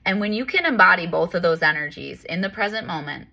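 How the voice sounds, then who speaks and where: A woman's voice: on the low side, expressive, fast talker, gravelly, pushed and bright. A woman talking candidly as a life coach and yoga teacher, rambling with lots of fillers. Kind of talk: casual spiritual talk.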